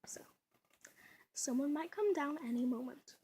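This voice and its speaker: A woman's voice: sits high, lively intonation, measured pace, mellow, a little hiss or hum. A young woman vlogging at home, chatty and giggly, rambling with lots of fillers, her voice a little off. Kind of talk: casual home vlog. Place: at home indoors. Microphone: camera mic.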